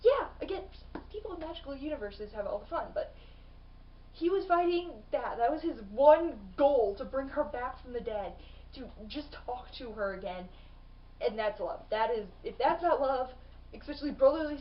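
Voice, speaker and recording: A woman's voice: high voice, lively intonation, normal speed, distant mic, highs cut off. A young woman chatting casually in a book vlog, bubbly and full of fillers and restarts. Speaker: book vlogger.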